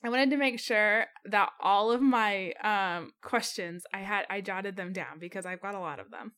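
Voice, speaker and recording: A woman's voice: mid-range voice, normal speed, fairly bright tone. A woman co-hosting a podcast in casual chat, bubbly and playful, laughing often. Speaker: podcast co-host.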